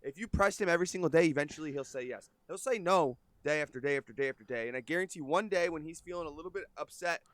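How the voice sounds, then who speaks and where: A man talking on a stream clip in a fast, accusing, profane way. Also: on the high side, a bit bright, dry recording. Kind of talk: casual livestream talk.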